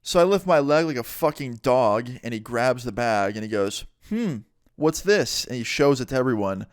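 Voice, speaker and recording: A man's voice: mid-range voice, a little fast, smooth, dry recording, clean studio sound. Laid-back young man telling a story. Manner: laid-back, slangy, swearing. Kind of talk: casual storytime.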